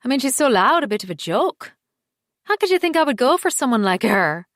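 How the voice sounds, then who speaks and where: A woman voicing a defensive, dismissive husband who brushes off his wife's accusations, speaking louder and brighter than her narration. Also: high-pitched, big pitch swings, brisk, no echo, clean studio sound, voice pushed up.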